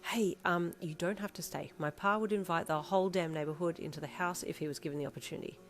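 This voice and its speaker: A woman voicing a blunt young woman who calls out lively and turns flat when annoyed. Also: on the low side, moderate pace.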